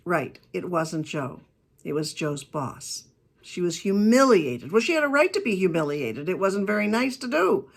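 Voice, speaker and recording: A woman giving a keynote talk on customer service, telling stories in a chatty, emphatic way with quick asides. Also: fairly low pitch, sing-song, creaky, breathy edge. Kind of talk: lively talk to a business audience.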